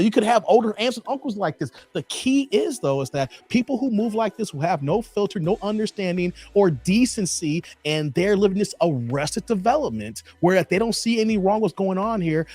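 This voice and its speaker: A man hosting a live commentary stream, animated, laughing often and talking to his chat by name. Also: high-pitched.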